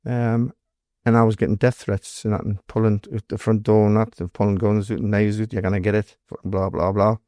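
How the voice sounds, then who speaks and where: A man's voice: fairly low pitch, flat delivery, a little fast, few pauses, warm tone, dry recording, clean studio sound. A man with a Geordie accent, a former doorman telling stories in an interview in a blunt, sweary way, acting out what people said. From North East England. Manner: blunt storytelling, heavy swearing, acts out quoted dialogue. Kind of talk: casual interview storytelling.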